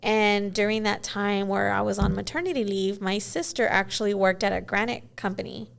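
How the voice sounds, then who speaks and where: A woman's voice: mid-range voice, level tone, normal speed, vocal fry. A woman in her forties, a guest in a casual interview, telling stories in a chatty way with many "you know"s.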